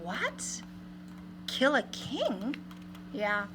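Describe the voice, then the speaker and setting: A woman's voice: fairly high pitch, wildly swooping pitch, very slow, background noise. A woman English teacher giving a literature lesson, reading lines aloud and explaining them in plain modern paraphrase.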